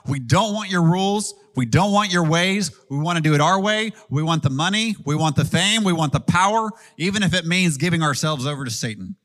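A preacher putting on defiant, power-hungry earthly kings. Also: male voice, fairly high pitch, expressive, a little fast, hardly any pauses, fairly bright tone, pitched above the performer's own voice.

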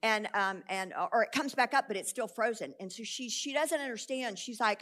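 Bright animated woman storyteller. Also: a little high, moderate pace. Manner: animated storyteller, acts out quoted voices. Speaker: speaker telling a testimony to an audience. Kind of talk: storytelling sermon talk.

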